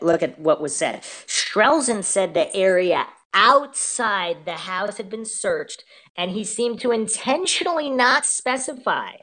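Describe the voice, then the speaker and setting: A woman with a fairly low voice hosts a casual true-crime podcast. She reads out reports and posts, then picks them apart in a skeptical, questioning way. She often puts questions to her co-host. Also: a bit bright.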